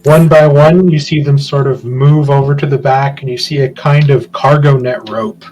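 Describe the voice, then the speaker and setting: A man's voice: medium pitch, fairly even intonation, normal speed, a little mellow, faint music behind, rough recording. Man narrating as a rambling game master. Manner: loose, hedging descriptions full of fillers.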